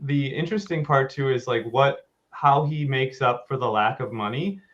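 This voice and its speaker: A man's voice: medium pitch, moderate pace, dull audio. A man co-hosting a casual film podcast, rambling and hesitant with a jokey streak. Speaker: podcast co-host.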